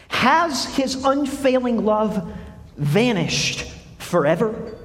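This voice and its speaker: A male pastor delivers a sermon in a high voice. He reads scripture passages aloud and puts questions straight to his listeners. The sound carries a long reverb, as in a large hall.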